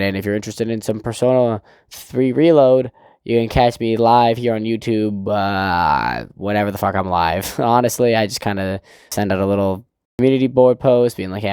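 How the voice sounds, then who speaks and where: A man's voice: lowish voice, darkish tone, clear, resonant tone, no echo, clean studio sound. A young man reviewing a manga chapter in a casual, rambling recap, with swearing and laughter.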